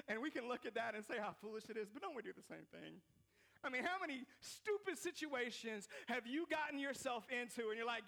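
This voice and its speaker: Pastor, man, 30s: gravelly, animated, slangy, repeats himself while preaching. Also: very high voice, brisk. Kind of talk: casual preaching sermon.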